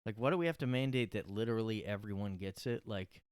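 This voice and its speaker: A man's voice: fairly low pitch, lively intonation, quick pace, clear, resonant tone, no echo, clean studio sound. A man hosting a solo podcast from his room, rambling and sarcastic with lots of fillers. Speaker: podcast host. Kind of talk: casual solo monologue.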